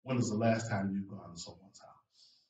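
A man's voice: moderate pace, lo-fi sound. Dynamic male preacher in an echoey church. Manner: dynamic preaching, shouting and dropping low for emphasis. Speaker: guest preacher. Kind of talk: sermon. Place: church sanctuary. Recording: echoey church room from far off.

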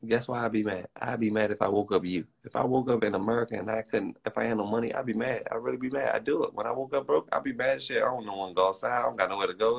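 Gravelly, profane young man ranting. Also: mid-range voice. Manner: profane, rapid, ranting slang. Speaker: live streamer. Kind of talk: casual livestream rant.

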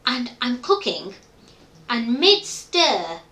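A woman's voice: on the high side, very animated, slow pace, fairly bright tone. A middle-aged woman, telling her story openly and reflectively as an interview guest, often voicing her own past thoughts. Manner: open, reflective storytelling with quoted inner thoughts. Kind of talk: candid conversational interview. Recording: echoey room.

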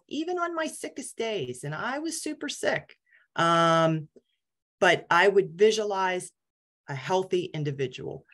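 A middle-aged woman giving a candid, casual talk to a support group, self-deprecating and full of ums. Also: deep voice. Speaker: guest speaker.

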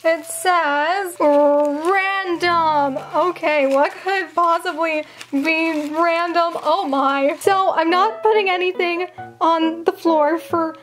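Very high-voiced bubbly woman unboxing. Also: slow, fairly bright tone, faint music behind. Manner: bubbly and dramatic, exclaims often. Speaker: toy collector channel host. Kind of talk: casual unboxing chat.

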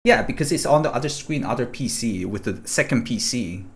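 A man streaming live, commenting casually on gameplay clips, animated and profane, laughing often. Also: mid-range voice, brisk. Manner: animated, swearing, frequent laughter. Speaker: streamer investigating cheaters.

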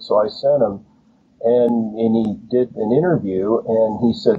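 A man's voice: mid-range voice, fairly even intonation, unhurried. A male author talks through his stories with open enthusiasm, slipping into the voices of people he quotes. His voice comes through thin and phone-like, with a faint hiss underneath. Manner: enthusiastic storyteller, acts out quotes. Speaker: author and guest. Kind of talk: casual interview chat. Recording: tinny phone-like line, faint noise.

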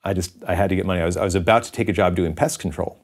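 A middle-aged man, founder of a company, candidly and self-deprecatingly telling his story with halting restarts in an interview. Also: sits low, fairly even intonation.

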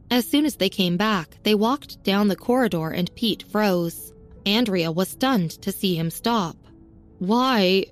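A woman reading a serialized story as narrator, with a steady, even storytelling manner. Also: mid-range voice. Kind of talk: scripted audiobook narration. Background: faint music.

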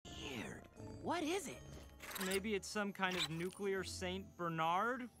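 An earnest, brainy cartoon turtle teen, his voice jumping about with nerdy excitement. Loud music plays under his lines. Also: medium pitch, takes it slowly. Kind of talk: cartoon voice acting.

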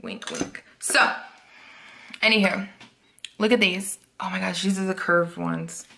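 A woman chatting through an unboxing haul, gushing and excitable, sometimes dropping to a whisper. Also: mid-range voice, moderate pace, vocal fry, slight background noise. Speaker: planner vlogger. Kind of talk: casual unboxing chat.

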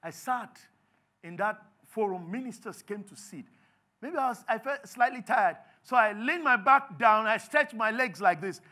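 A Nigerian man preaching a sermon as pastor, animated and acting out little scenes. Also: sits high, normal speed. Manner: animated, acts out little scenes in others' voices. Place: church.

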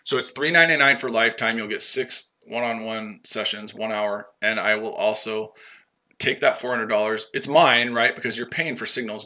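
A man's voice: lowish voice, pushed and bright. A man hosting a trading livestream, brash and profane, chatting to viewers by name and trash-talking rivals. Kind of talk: casual livestream chat.

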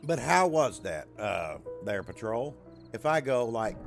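A man's voice: mid-range voice, very animated, unhurried, gravelly, faint music behind. A man chatting casually and jokingly to his live-stream viewers while playing a survival game. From USA. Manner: chatty, talks to his chat and his dog, jokey.

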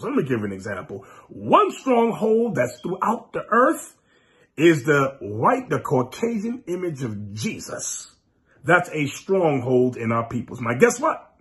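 Fiery preacher, high voice that leaps around, mocking and scolding, breaks into shouts. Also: male voice. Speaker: preacher and teacher. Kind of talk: sermon.

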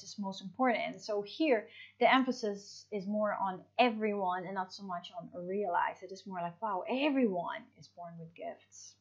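A woman teaching an English lesson, explaining step by step and checking in with her students. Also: mid-range voice. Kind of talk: online class lesson. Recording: dull lo-fi audio.

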